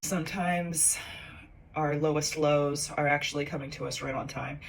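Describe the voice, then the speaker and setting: A woman's voice: sits low, fairly even intonation, moderate pace, creaky, sharp tone. A young woman, a comedian, telling a personal story in a casual, self-mocking way, acting out the dialogue with big jumps in her voice.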